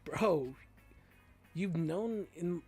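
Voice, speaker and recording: Slow-talking man streamer telling stories. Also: on the high side, expressive, dark tone, slightly rough, soft background music. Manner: slangy, storytelling, says "bro" and "dude". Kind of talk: casual chat while playing a game.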